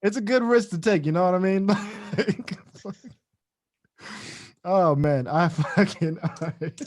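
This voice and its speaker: A man's voice: high-pitched, unhurried. A man hosting a casual chat, reacting to a story with laughter. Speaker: podcast host.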